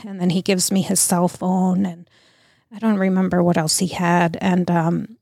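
A middle-aged woman telling her own painful story as an interview guest, halting and full of restarts and fillers. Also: fairly low pitch, level tone, gravelly, dark tone, no echo, clean studio sound. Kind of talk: emotional personal testimony.

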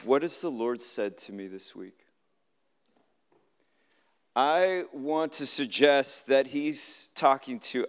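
A man's voice: mid-range voice, smooth. A man giving a conversational Shabbat sermon, telling stories from his week, acting out what people said and putting questions to the congregation. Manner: storytelling, acts out quoted voices, asks the audience questions. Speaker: preacher giving a Shabbat teaching. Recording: live hall recording with long reverb.

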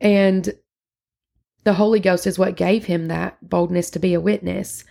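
Earnest woman with a gravelly edge. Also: fairly low pitch, steady tone, unhurried, dark tone. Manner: chatty and earnest, with frequent fillers and restarts. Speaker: podcast host. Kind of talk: casual recap of a church sermon.

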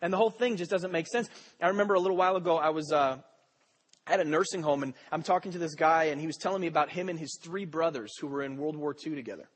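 A man's voice: a little high, fast talker. A young adult man preaching a sermon, telling joking stories in a rambling way full of fillers. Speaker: pastor.

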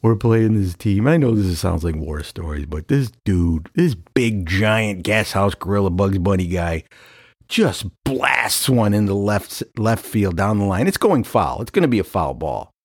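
Animated storytelling man, dry close sound. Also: a little slow, slightly rough, no room sound. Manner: animated, laughing often, jumps into high voices for quoted people. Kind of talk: casual storytelling.

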